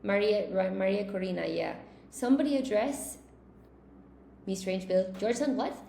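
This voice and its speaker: A woman's voice: mid-range voice, moderate pace, vocal fry, warm tone. A woman teaching an English lesson on a live stream, chatting with viewers and answering their questions as she goes. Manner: chatty, reads chat questions aloud, laughs at own slips. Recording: echoey room, faint noise.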